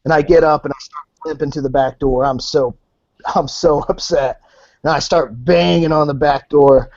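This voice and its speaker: Male podcast guest, animated storyteller, slightly high, dry and muffled. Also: moderate pace, no room sound. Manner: animated, swears, acts out voices in anecdotes. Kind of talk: casual storytelling. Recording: dull lo-fi podcast audio.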